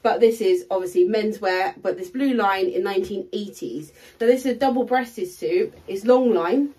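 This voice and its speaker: A woman chatting her way through a haul on camera. She rambles and restarts, filling gaps with ums and likes, and her pitch sits in the middle of the usual range for a woman. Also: moderate pace, dark tone. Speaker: co-host, luxury reseller. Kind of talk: casual chat, showing thrift finds.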